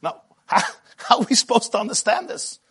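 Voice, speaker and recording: A male rabbi teaching a Torah class, speaking a flavor. His husky voice sits fairly high for a man and swings widely in pitch. He grows animated and at times rises to shouting as he tells the story. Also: fairly quick. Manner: animated, rises to shouting when retelling the midrash. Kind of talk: lively Torah lecture.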